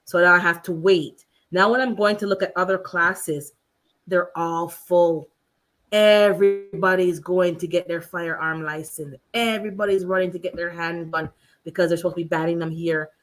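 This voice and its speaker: A woman hosting a casual chat, telling stories in an animated way and acting out quotes with laughter. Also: moderate pace. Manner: animated storyteller, acts out quotes with big pitch jumps and laughter. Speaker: channel host.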